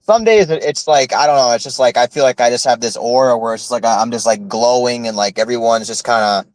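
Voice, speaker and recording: A man co-hosting a podcast in casual chat, talking in a halting, rambling way with many fillers and restarts. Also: mid-range voice, darkish tone, dry recording, rough recording. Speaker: podcast co-host.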